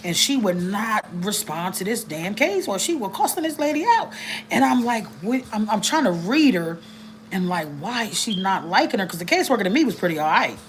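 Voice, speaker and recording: A woman giving blunt, animated advice to caseworkers, telling stories and cussing freely in a casual livestream. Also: mid-range voice, a little fast, slight background noise, poor audio. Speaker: family advocate speaking to caseworkers.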